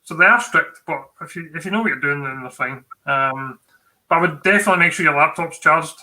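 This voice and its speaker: A man's voice: on the high side, a little fast, pushed and bright, low-quality recording. A Scottish man co-hosting a tech livestream, giving exam tips in a chatty, informal way with many fillers and restarts.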